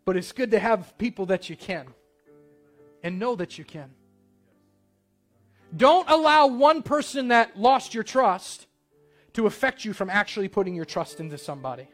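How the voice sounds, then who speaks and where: A man preaches to his congregation, telling a story in a plain, earnest way. His voice sits high for a man. Soft instrumental music plays faintly underneath. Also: big pitch swings, moderate pace, long pauses. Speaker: pastor. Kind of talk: sermon.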